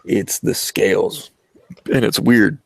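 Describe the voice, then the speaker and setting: Low, gravelly, swearing Californian man. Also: takes it slowly, no room sound. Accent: Southern Californian. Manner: profane, rambling, laid-back. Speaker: vlogger telling a story. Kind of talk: casual storytelling chat.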